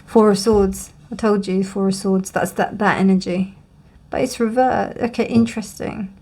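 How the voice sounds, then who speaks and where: A woman's voice: mid-range voice, steady tone, normal speed, darkish tone. A woman giving a tarot card reading to camera, musing and reassuring as she thinks aloud with many fillers and frequent yawns. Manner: yawns often during readings. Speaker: tarot reader.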